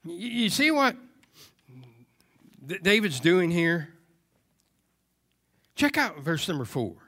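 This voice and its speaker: A man preaching a sermon, moving from quiet, hushed passages to loud, emphatic cries and repeated phrases. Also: high-pitched, big pitch swings, takes it slowly.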